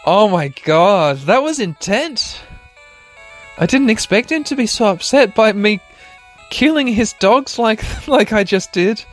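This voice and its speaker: His voice sits high and sounds animated, though his pace is a little slow, as he plays a video game for his podcast with faint music underneath. Offering casual let's-play commentary, he mocks himself, laughs a lot, and speaks directly to listeners.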